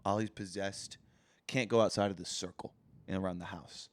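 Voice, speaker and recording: A man co-hosting a podcast, telling a story in an animated way and swearing freely into a studio mic. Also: sits low, moderate pace, dry recording. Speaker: podcast co-host. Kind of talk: casual chat.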